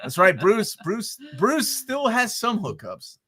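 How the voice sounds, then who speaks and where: Lively, bright-voiced man joking around. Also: high voice, slow pace. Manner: joking, teasing, animated asides. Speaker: co-host of a movie review show. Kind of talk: casual film review banter.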